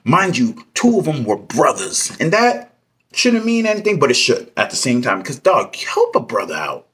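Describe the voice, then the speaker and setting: A truck driver telling a story in a casual vlog, ranting with heated, profane language. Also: male voice, mid-range voice, very animated, normal speed, bright, forceful tone, husky.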